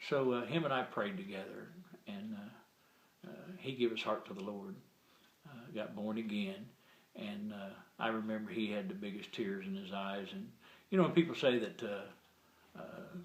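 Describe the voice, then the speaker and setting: A man's voice: fairly low pitch, normal speed, roomy sound, low-quality recording. A man casually telling a personal faith testimony, rambling with many fillers and restarts and retelling conversations with frequent "he said, I said.". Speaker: Christian sharing a testimony. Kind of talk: casual spoken storytelling.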